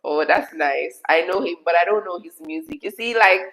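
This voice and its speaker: A Jamaican woman with a low, gravelly, hoarse voice talks casually to her viewers from her kitchen. She is chatty, laughs often, and switches easily into patois. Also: normal speed, a bit bright, rough recording. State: hoarse from being sick. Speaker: YouTube host answering live chat. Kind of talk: casual live-stream chat.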